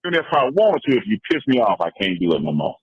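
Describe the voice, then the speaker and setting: A man's voice: mid-range voice, very animated, fast talker, husky, no room sound, narrow, tinny audio. A man calling in, complaining defensively in casual phone talk.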